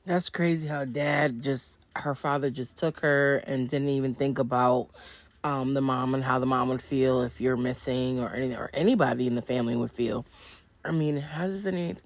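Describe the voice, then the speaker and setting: A woman's voice: extremely low pitch, steady tone, moderate pace, dry recording. A woman hosting a reaction video, speaking earnestly and reflectively and inviting viewers to comment. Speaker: reaction channel host.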